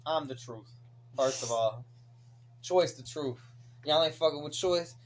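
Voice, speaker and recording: A young man co-hosting a late-night podcast chat, joking crudely through the banter. His voice is a bit high for a man, with faint noise behind him. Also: unhurried. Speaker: podcast co-host.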